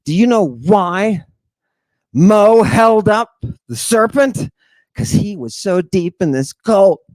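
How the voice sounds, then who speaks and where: A man giving a theatrical lecture on ancient texts, firing off rhetorical questions and dropping into hushed tones. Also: high voice, lively intonation, takes it slowly, no room sound. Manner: dramatic, rhetorical questions, sudden hushed drops.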